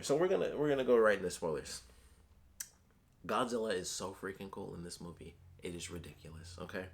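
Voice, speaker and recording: A man with a lowish voice talks through a movie review in a casual, rambling way. His pitch swings widely as he gets excited, and he leans on lots of filler words. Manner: animated, chatty, many filler words.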